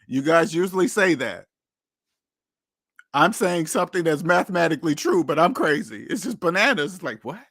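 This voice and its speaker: A man's voice: on the high side, lively intonation, moderate pace, gravelly, a bit bright, no room sound, clean studio sound. A man hosting a live money chat, talking casually and animatedly, repeating himself and acting out the people he quotes. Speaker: channel host answering chat.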